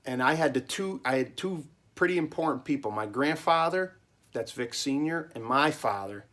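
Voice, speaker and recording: A man of middling pitch talks straight to the camera from his cellar, a small business owner sharing hard-won lessons. He rambles and repeats himself, driving points home with emphasis. He keeps checking in with a quick "okay?". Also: animated, a bit bright. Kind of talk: casual monologue vlog.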